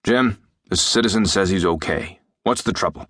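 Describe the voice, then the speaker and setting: A man's voice: low-pitched, moderate pace, fairly bright tone, no room sound, studio quality. A man voicing a blunt, teasing elderly male doctor in an audiobook. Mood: brusque. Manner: brusque, dryly joking.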